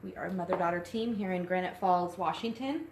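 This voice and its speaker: A woman's voice: lowish voice, brisk. A young woman talking in a loose, rambling way, with plenty of "um"s, and audibly winded. She is recorded on a phone in an echoey little shop, with a faint hiss underneath. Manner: chatty, rambling with many fillers. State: out of breath. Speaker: co-host and shop co-owner. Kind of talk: casual live-stream chat. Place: inside a small shop. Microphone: phone on a tripod. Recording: echoey room with faint noise.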